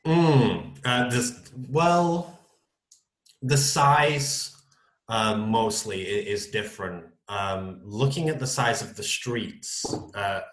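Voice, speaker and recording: A man's voice: lowish voice, takes it slowly, fairly bright tone, roomy sound. A man, teaching on a video call and answering student questions with many ums. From North-West England. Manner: hesitant, many ums and kind-ofs. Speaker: English teacher.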